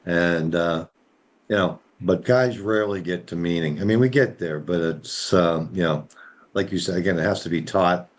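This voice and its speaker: Deep-voiced rambling man. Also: normal speed. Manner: rambling, full of fillers, tells stories. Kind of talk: casual group discussion.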